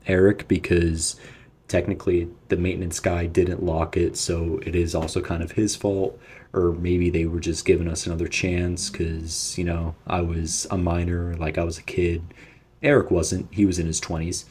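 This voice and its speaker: Young dude with a deep mellow voice, rambly sweary storytime vlog. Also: male voice, slight background noise. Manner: casual, profane, rambling. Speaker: vlogger.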